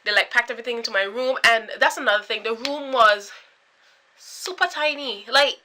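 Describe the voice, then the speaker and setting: A young woman in her twenties with a Caribbean accent, chatting to camera in an animated, storytelling way. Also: a little high, normal speed, slight background noise. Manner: animated, chatty, full of filler likes and dramatic quoted reactions. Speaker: vlogger.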